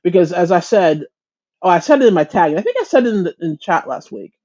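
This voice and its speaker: A woman's voice: fairly low pitch, sing-song, fast talker, warm tone, highs cut off. A woman hosting a casual crochet chat livestream, greeting viewers by name, chatty and self-deprecating, often restarting her sentences. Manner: frequent restarts and stumbles.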